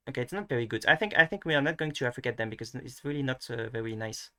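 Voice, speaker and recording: A man's voice: mid-range voice, lively intonation, fairly quick, pauses often, sharp tone. A man giving a casual screen-share lesson, hesitant and full of restarts, fillers and self-mocking asides. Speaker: video tutor.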